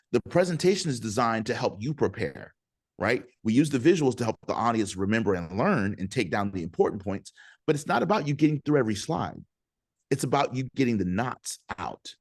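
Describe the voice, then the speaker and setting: A man with a lowish voice coaches speakers over a video call, punchy and energetic. He keeps checking in with his listeners and pulls them into call and response. The sound is dry and close, with no room around it. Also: no echo. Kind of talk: motivational teaching talk on a video call.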